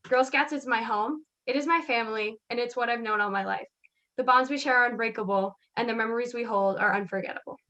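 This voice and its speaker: A woman's voice: a little high, fast, bright, forceful tone, lo-fi sound. A woman giving an earnest, recited prepared speech as a youth speaker.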